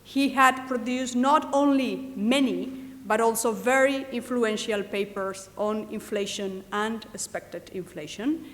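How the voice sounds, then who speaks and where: A woman's voice: a little high, unhurried, few pauses, a bit bright. A woman chairing a session, giving a formal, careful introduction of the guest speaker with a few hesitations. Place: lecture hall. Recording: long hall reverb.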